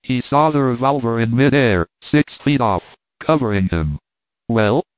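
A man narrating a classic novel aloud in a steady, measured way. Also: mid-range voice, no room sound. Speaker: audiobook narrator. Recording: tinny phone-like line, dry.

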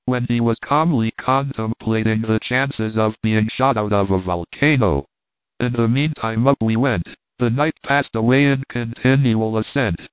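A man reading a classic adventure novel aloud in a measured, dramatic first-person narration. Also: mid-range voice, smooth, dry recording. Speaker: audiobook reader. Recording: dry, phone-like narrow sound.

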